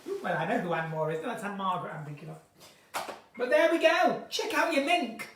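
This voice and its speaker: A woman's voice: mid-range voice, big pitch swings, a little fast, a bit bright, slight background noise. A woman hosting an unscripted live chat, giggly and rambling from one topic to the next. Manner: giggly, chatty, drifts between topics. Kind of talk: chatty unscripted live stream. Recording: echoey room, somewhat far from mic.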